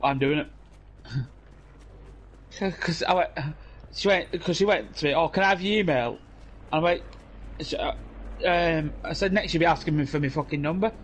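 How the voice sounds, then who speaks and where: Young British guy, slightly high voice, sweary rambling gamer banter, laughing often, headset chat. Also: moderate pace, long pauses. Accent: British English. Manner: rambling, profane storytelling with frequent laughs. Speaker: gamer streaming with friends. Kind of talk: casual banter while gaming.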